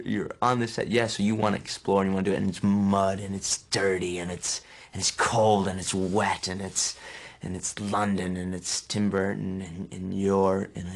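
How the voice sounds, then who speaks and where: A man in his thirties from New Jersey, an actor answering interview questions with lively anecdotes he acts out. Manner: animated storyteller acting out quotes with sudden high yelps.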